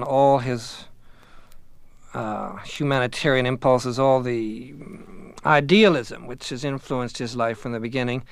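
A man reading a novel aloud and then summarizing it in a measured way, with some hesitant fillers. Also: medium pitch, a bit bright, smooth, dry recording.

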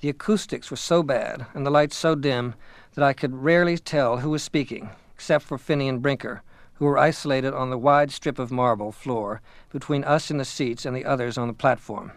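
Male audiobook reader, middle pitch, measured delivery, dry booth sound. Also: dry recording. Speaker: audiobook narrator. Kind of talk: scripted first-person narration.

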